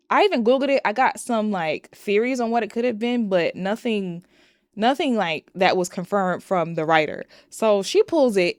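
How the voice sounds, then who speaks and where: A woman's voice: mid-range voice, no echo, studio quality. A young woman casually recapping and reviewing a movie, chatty and profane, retelling scenes dramatically.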